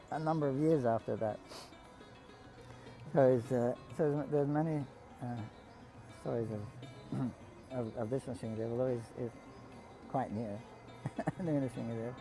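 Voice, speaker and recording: A man casually telling devotional stories to a group, halting often with restarts, coughs and throat clearing. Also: medium pitch, warm tone, faint music behind, rough recording. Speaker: storyteller speaking to pilgrims.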